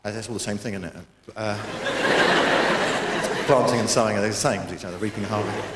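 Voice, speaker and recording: A man's voice: on the low side, fairly even intonation, fast talker, very noisy. A man from Britain doing a stand-up routine, sardonic and profane, with rambling asides. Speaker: stand-up comedian. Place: comedy venue with live audience. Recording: echoey live venue, audience laughter.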